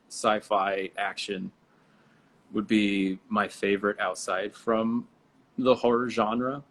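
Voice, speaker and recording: A man in a relaxed, chatty conversation on a live video stream, laughing often. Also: lowish voice. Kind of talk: casual chat.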